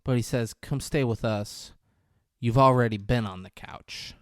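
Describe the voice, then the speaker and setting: Unhurried and mid-range, the man's voice is clean studio audio with no room sound. He's a podcast co-host casually going over a film scene, performing the characters' lines and laughing.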